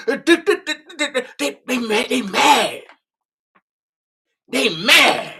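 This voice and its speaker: A man's voice: extremely high pitch, big pitch swings, slow pace, gravelly, bright, forceful tone, husky. A man hosting a live stream, talking casually and animatedly, stammering and repeating words. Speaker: livestream host.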